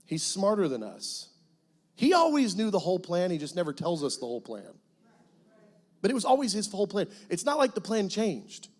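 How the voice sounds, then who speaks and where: A middle-aged guest pastor telling a personal testimony in a church, animated storytelling that breaks into loud cries as he acts out prayers. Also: high voice, moderate pace. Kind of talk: sermon testimony. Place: church sanctuary.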